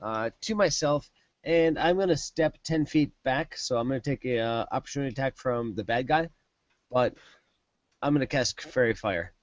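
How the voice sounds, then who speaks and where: A man's voice: mid-range voice, normal speed, dry recording, muffled recording. A man playing a tabletop game, chatting casually over a voice call, joking and stammering at times. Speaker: player.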